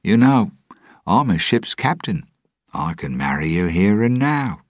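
A man's voice: fairly low pitch, very animated, a little slow, no echo, clean studio sound, pitched above the performer's own voice. A man voicing a roguish, boastful male ship captain in a read-aloud storybook, with a coaxing, self-assured manner.

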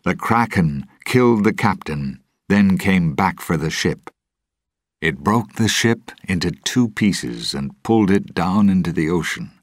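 Man narrating a story, very deep voice, lively intonation, dry close sound. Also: measured pace, dry recording.

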